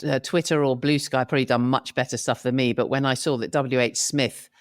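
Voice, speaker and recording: A woman guesting on a comedy podcast, chatty and quick to laugh, with hesitant fillers. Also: a bass voice, steady tone, a little hiss or hum. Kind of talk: comic podcast banter.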